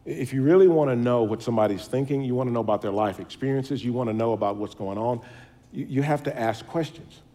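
A man's voice: mid-range voice, quick pace, warm tone. A middle-aged man giving a public speech in a folksy, storytelling way, poking fun at himself. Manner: folksy, storytelling, self-deprecating. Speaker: speaker.

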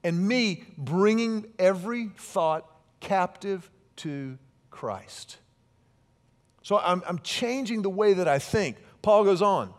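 Middle-aged guy preaching, chatty asides, kinda high voice. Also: expressive, slow pace. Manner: conversational preaching with warm asides and dynamic swings from loud to soft. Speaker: pastor. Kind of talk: sermon.

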